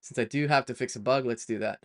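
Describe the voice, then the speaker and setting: A man's voice: medium pitch, quick pace, fairly bright tone. Chatty, rambling man live-coding on stream. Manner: chatty, rambling, many fillers and self-corrections; playful, prone to side tangents. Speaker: developer live-streaming his work.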